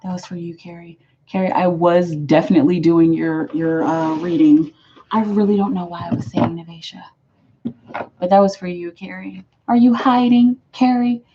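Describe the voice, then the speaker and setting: A woman's voice: on the low side, fairly even intonation, normal speed, mellow, lo-fi sound, slight background noise. A woman giving a live tarot reading to her viewers, emphatic and affectionate, repeating her phrases for weight. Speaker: tarot reader.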